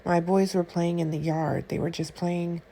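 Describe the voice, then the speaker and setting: A woman vlogging, telling a personal story to her viewers in an indignant, animated way with quick asides. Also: fairly low pitch. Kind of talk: casual storytelling to camera.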